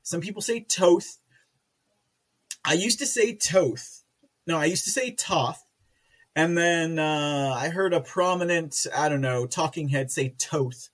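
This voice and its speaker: A man's voice: fairly high pitch, moderate pace, hardly any pauses, a bit bright. A man from Texas hosting a livestream, chatting casually with viewers and reading their comments, giggly and rambling. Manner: giggly, rambling, self-mocking. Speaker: livestream host reading chat.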